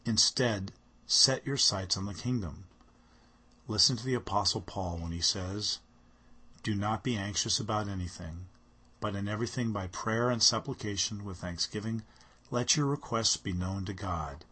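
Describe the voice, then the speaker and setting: Husky low-voiced man preaching. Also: normal speed, sharp tone. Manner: earnest, reads scripture aloud with rising emphasis. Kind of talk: sermon.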